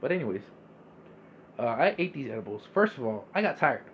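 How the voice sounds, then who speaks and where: A man's voice: mid-range voice, big pitch swings, fairly quick, dull audio, a little hiss or hum. A young man hosting a casual monologue podcast, laid-back and rambling, swearing freely. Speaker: podcast host.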